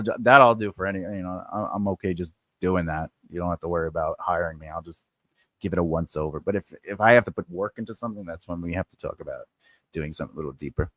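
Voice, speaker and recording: A man's voice: on the low side, quick pace, fairly bright tone, no room sound, clean studio sound. A man hosting a casual live stream as a writing coach, chatty and rambling, with plenty of fillers, repeats and playful asides. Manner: playful, laughs often and reacts to the viewer chat.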